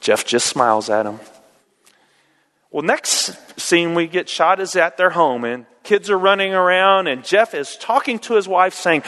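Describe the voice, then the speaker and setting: Male preacher in a church, kinda high voice, folksy storytelling, lots of uhs, big echoey hall. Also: unhurried. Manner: folksy, animated retelling with frequent uh fillers. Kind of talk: sermon storytelling. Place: church sanctuary.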